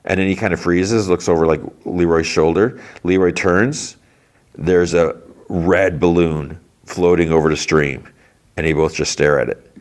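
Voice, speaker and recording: A man's voice: deep voice, fairly even intonation, a little slow, a little mellow. A man hosting a podcast, casually retelling a TV episode scene by scene, full of "like" and quoted lines. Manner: retells scenes loosely, peppered with "like" and quoted dialogue. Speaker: podcast host.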